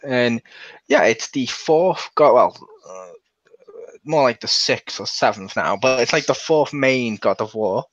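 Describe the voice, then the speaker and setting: A man's voice: medium pitch, expressive, measured pace, no echo. A man hosting a casual game review, rambling along and restarting his sentences. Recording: dull lo-fi.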